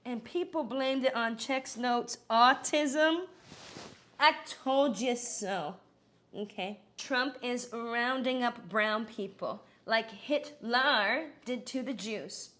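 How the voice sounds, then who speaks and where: A woman's voice: a little high, slow, fairly bright tone. A woman doing a cackling brash politician parody. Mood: joking. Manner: bursts of cackling laughter between crude punchlines. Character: cackling middle-aged female politician parody, brash and irreverent. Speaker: comedic news anchor. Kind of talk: satirical news comedy.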